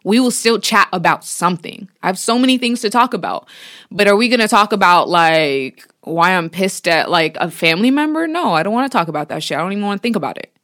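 A woman's voice: mid-range voice, expressive, fast, fairly bright tone. A young woman co-hosting a podcast, talking in casual chat with a blunt, frank, slangy manner. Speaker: podcast co-host.

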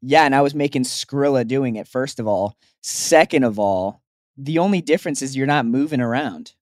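A man's voice: medium pitch, animated, moderate pace, no echo, clean studio sound. A young man co-hosting a podcast, teasing his friend and telling rambling stories. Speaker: podcast co-host. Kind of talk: casual chat.

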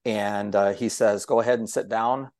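A man's voice: on the low side, moderate pace, no echo, clean studio sound. A man who is a longtime broadcaster, telling stories as a talkative guest and acting out the dialogue. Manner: lively storyteller who acts out quoted dialogue; talkative, self-described yapper. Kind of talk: casual storytelling conversation.

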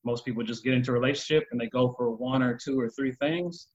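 A man with a raspy voice gives blunt, opinionated views in a casual podcast chat and swears now and then. The recording sounds muffled and lo-fi. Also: mid-range voice, steady tone, quick pace. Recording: dull lo-fi sound.

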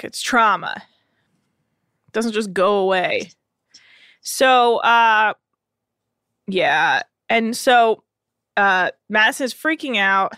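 A woman's voice: mid-range voice, pushed and bright, no room sound, studio quality. Chatty woman recapping with fillers. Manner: chatty storytelling with frequent "uh" fillers. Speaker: podcast host recapping a reality show. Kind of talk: casual recap chat.

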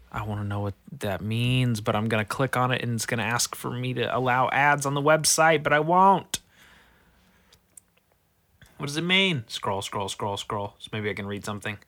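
A man who is sick, reading news headlines aloud in a casual, foul-mouthed way, swinging from mumbling to shouting. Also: medium pitch, no room sound. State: sick, voice going rough. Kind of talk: casual profane commentary.

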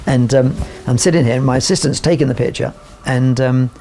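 A man's voice: mid-range voice, a little fast, warm tone, soft background music. A man, a portrait photographer appearing as a guest, telling long rambling anecdotes full of "you know" fillers and restarts. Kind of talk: anecdotal storytelling.

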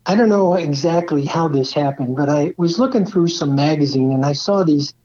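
A man's voice: on the high side, moderate pace. Anecdotal man on a dull lo-fi track. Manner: relaxed anecdotal storyteller, often uses "you know". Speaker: former truck program leader as guest. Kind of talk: casual storytelling.

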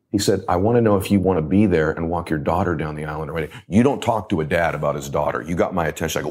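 A man with a very low voice speaks as a podcast guest. He tells his story with punchy emphasis and repeats key phrases to drive them home. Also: fast, hardly any pauses, a little mellow, husky. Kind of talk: energetic storytelling in a podcast interview.

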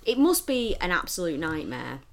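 Woman ranting on a podcast, low-ish voice, lots of swearing, really emphatic. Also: moderate pace, gravelly. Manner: emphatic, animated, swears freely. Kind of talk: casual chat.

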